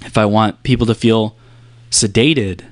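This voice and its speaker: A man giving a motivational talk about silence and pacing, using deliberate pauses and shifting his pace and softness to demonstrate. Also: lowish voice, fairly even intonation, no echo.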